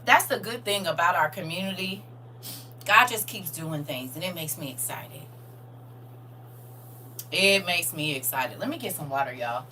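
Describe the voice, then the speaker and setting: A middle-aged woman chatting excitedly and casually to her viewers on a live stream. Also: fairly low pitch, moderate pace, pauses often, a little hiss or hum, rough recording. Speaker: livestream host.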